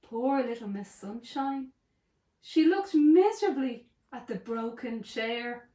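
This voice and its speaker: A woman reading a children's storybook aloud in an expressive, sing-song way. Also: fairly high pitch, takes it slowly. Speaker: storybook narrator. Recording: roomy echo.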